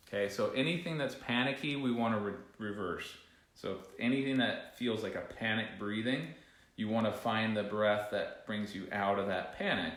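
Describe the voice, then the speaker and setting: A man's voice: fairly low pitch, a bit bright. A man leading a casual breathing class, rambling, restarting sentences and joking aside to a co-host. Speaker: breathing coach. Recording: echoey room.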